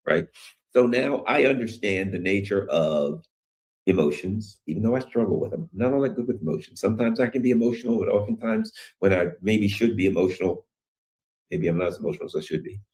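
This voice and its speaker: A man's voice: low-pitched, dark tone. A man hosting his own news commentary channel, talking in a rambling, emphatic way and acting out what other people say. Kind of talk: opinionated solo commentary.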